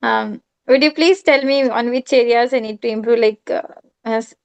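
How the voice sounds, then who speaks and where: Woman, Indian accent, hesitant, polite, lots of pauses, resonant voice. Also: fairly high pitch, creaky, smooth, muffled recording. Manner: hesitant, many "uh" fillers, polite "yes, ma'am". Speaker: English learner. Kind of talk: casual conversation.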